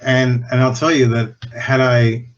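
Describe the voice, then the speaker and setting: A man's voice: medium pitch, little pitch movement, a little slow, dull audio. A man guesting on a podcast, telling cigar-industry stories in a candid, profane, rambling way that often restarts and trails off. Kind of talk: casual anecdotal storytelling.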